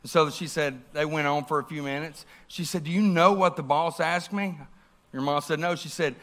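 A pastor in his forties delivers a sermon through a long, lively story. His voice sits high and bright. He acts out every quote with big swings. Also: a little fast.

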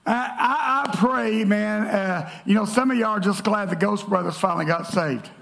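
Pastor guy preaching in church, kinda high voice w/ lots of gravel, jokey and loose with the crowd. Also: normal speed. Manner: lively, joking, calls out to the congregation. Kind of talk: sermon. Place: church sanctuary.

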